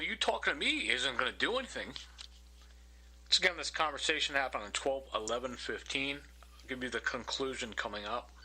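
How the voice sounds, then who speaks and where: A man's voice: medium pitch, sharp tone, slightly rough, poor audio. A man narrating over his own recordings, indignant and accusing, repeating his complaint.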